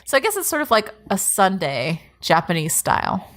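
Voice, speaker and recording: A woman co-hosting a casual podcast, talking through anime plots in a loose, chatty way. She laughs often, swears without a second thought, and fills her sentences with "like" and "um." Her pitch sits in an ordinary middle range for a woman. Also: huge pitch swings, normal speed, fairly bright tone. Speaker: podcast co-host. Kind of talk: casual anime recap chat.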